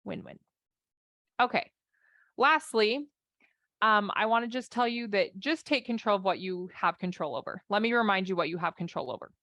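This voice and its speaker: Energetic woman life coach, dry sound. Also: medium pitch, normal speed, no echo. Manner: animated, conversational, acts out inner voices. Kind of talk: coaching talk.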